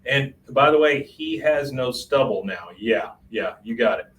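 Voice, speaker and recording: A man retelling an episode step by step, laughing along as he goes. He sits back from the mic, with a faint hiss under his voice. His pitch sits in a middle range. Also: animated, measured pace, a bit bright. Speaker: podcast co-host. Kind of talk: casual episode recap. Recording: distant mic with faint noise.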